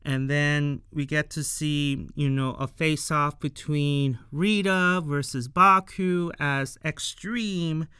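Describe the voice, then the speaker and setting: Slow, crisp-voiced man recapping an episode. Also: fairly high pitch, fairly even intonation, pushed and bright, no echo, clean studio sound. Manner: chatty, many fillers, asks viewers questions. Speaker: show reviewer.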